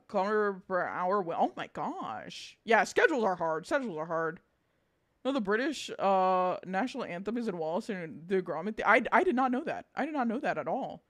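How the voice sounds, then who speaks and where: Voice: mid-range voice, a bit bright. Giggly, swearing VTuber streamer. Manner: laughs a lot, swears casually, reads chat aloud. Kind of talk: casual live-stream chat.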